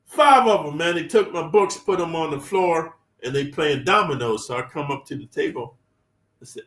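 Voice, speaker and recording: A man's voice: on the high side, lively intonation, moderate pace, fairly bright tone, distant mic. Blunt, streetwise man in a roomy room. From California. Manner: streetwise, blunt, heavy slang and swearing. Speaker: storyteller, former inmate. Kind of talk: profane storytelling. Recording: roomy, set back from the mic.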